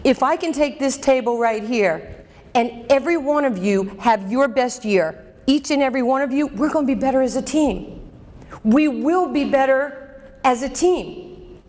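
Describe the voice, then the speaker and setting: A woman's voice: sits high, lively intonation, moderate pace, darkish tone. Emphatic woman giving a motivational keynote. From New York. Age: 50s. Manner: emphatic, direct, calls out audience members. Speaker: keynote speaker. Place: banquet hall at a luncheon. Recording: echoey banquet hall.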